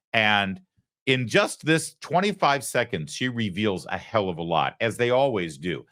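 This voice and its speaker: A man's voice: lowish voice, animated, measured pace, a bit bright. A man hosting a political commentary show, talking in an emphatic, sarcastic way.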